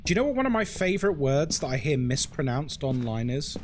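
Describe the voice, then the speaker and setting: A man talks to his live viewers while playing a ghost-hunting game, his fairly high voice swinging widely in pitch. He chats, rants and swears freely. A faint hum of noise sits behind him. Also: very animated, fairly quick. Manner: chatty, ranting, swears and laughs often. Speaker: horror game streamer. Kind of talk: casual live-stream commentary.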